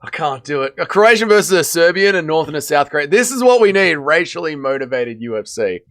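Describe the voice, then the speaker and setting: Tired, hungover streamer. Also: male voice, fairly high pitch, animated, a little fast. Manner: rambling, swearing, slangy banter with chat. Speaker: livestream host. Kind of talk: casual live watch-party chat.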